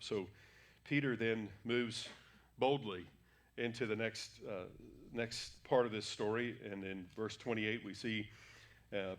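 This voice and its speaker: A man giving a sermon as a guest preacher, talking conversationally with frequent fillers and self-corrections in a church sanctuary. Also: on the low side.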